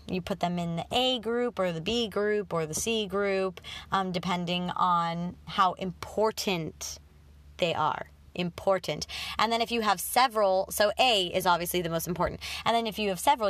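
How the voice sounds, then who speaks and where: A woman's voice: on the low side, no room sound. A woman in her twenties hosting a self-help podcast in a chatty, self-deprecating way with many fillers. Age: 20s. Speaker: podcast host. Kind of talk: casual self-help talk.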